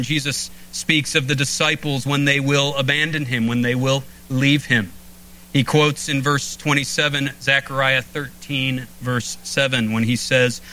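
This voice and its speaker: A man preaching a sermon as pastor, earnest, slowing and dropping low on key phrases. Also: pushed and bright, low-quality recording.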